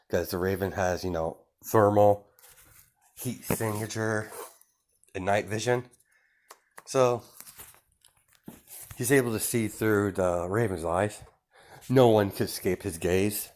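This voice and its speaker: Low-voiced young man rambling through a fan story. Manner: rambling, full of fillers and restarts, laughs at own story. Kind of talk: improvised fan story narration.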